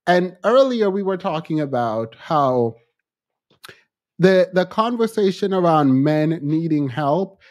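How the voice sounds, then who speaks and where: A man co-hosting a casual commentary podcast, reacting in an animated, exasperated way. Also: slow pace. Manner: animated, exasperated commentary with sudden pitch jumps. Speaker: podcast co-host.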